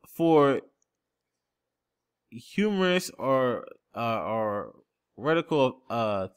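A man's voice: mid-range voice, expressive, normal speed. A man teaching scripture in an emphatic style, checking in with "okay?" and "man" after nearly every phrase and looking up word definitions as he goes. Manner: looks up word definitions on screen while talking. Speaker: preacher.

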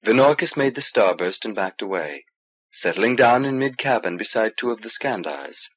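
A man narrating an audiobook in a steady, even way, on an old cassette recording. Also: fairly low pitch, normal speed, slightly rough, highs cut off. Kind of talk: scripted narration.

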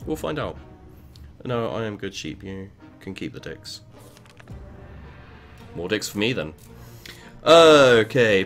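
A man commentating a game as he plays, swearing often and bursting into yells and chanted words. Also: lowish voice. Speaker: gaming video creator. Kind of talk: let's play commentary.

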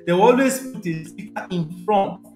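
A man's voice: high voice, moderate pace, roomy sound, music in the background. A young man, teaching a live sales session in a conversational way, repeating his key points and checking in with viewers. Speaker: sales trainer.

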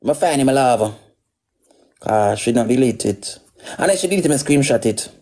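A woman's voice: rumbling low, expressive, normal speed, warm tone. A woman with a Jamaican accent ranting and cursing on a livestream, sometimes sliding into a sing-song tone. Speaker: livestream host. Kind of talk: heated livestream rant.

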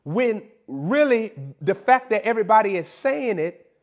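A man's voice: sits high, expressive, moderate pace. A man preaching a sermon in a comedic, playful way, teasing and mock-scolding his listeners.

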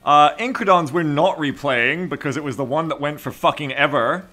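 A man's voice: a little high, normal speed, faint music behind. A man streaming a game and casually thanking subscribers and donors by name. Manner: thanking donors warmly, reading names. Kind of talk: casual live-stream chat.

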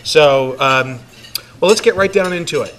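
A man's voice: a little high, moderate pace, fairly bright tone, slight background noise. A man speaking as a mayor addressing a large banquet room, joking and conversational, with frequent fillers. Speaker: mayor giving a city address. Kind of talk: public speech to a crowd.

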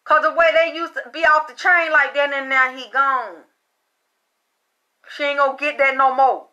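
High, bright-voiced woman reading tarot. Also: unhurried, highs cut off. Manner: chatty, profane, breaks into laughter. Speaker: tarot card reader. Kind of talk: casual spiritual reading monologue.

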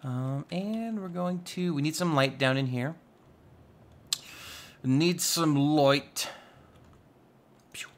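A man's voice: fairly high pitch, slow, long pauses, slight background noise. A man giving casual, chatty commentary while playing a modded block-building game, rambling with playful asides. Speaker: Minecraft YouTuber.

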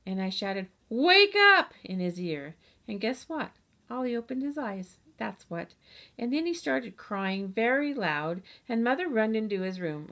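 A chatty, boastful kindergarten girl narrates her own storybook tale, as a woman reads her aloud. She talks in a lively, childlike way with playful grammar. Her voice sits at a medium pitch. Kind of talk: audiobook reading.

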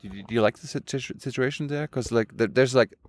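A man's voice: medium pitch, fairly quick. A man interviewing a guest, asking probing, challenging questions with some hesitations.

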